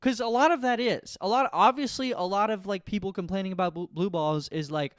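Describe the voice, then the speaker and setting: A man's voice: high-pitched, brisk, hardly any pauses, dry recording, studio quality. A male comedian working out a rambling comic monologue to camera, questioning himself and laughing at his own jokes.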